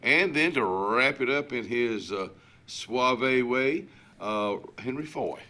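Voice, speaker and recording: A man's voice: mid-range voice, expressive, takes it slowly, pushed and bright. A man with an Alabama Southern drawl hosting a morning talk show in a rambling, folksy way, with many fillers and restarts. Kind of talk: casual chat.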